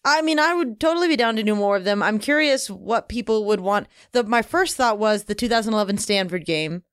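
A woman's voice: medium pitch, animated, a little fast, clear, resonant tone, no echo, clean studio sound. A young woman co-hosting a casual podcast in an easygoing, often laughing way. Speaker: podcast co-host.

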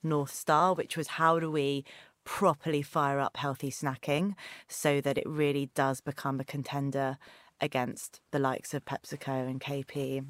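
A woman's voice: rumbling low, flat delivery, measured pace, no echo, clean studio sound. A woman founder answering interview questions in a candid, chatty way, with frequent "you know" and "kind of" fillers. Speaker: company founder, interview guest.

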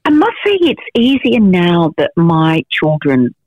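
A woman's voice: lowish voice, big pitch swings, measured pace, no echo, narrow, tinny audio. A middle-aged woman, a journalist telling frank stories in an interview, with lots of fillers and restarts. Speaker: investigative journalist, guest. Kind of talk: storytelling interview answers.

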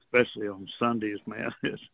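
A man's voice: fairly low pitch, flat delivery, a little fast, gravelly, no room sound. A man, a guest on a radio show, telling stories in a folksy, rambling way and chuckling often. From Texas coast. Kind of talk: casual storytelling on radio. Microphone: phone call. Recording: tinny phone line.

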